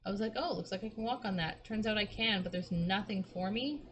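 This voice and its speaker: A hoarse young woman who has lost her voice, chatting and swearing casually while streaming a game. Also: medium pitch, a little fast, a little hiss or hum. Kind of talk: casual gameplay commentary.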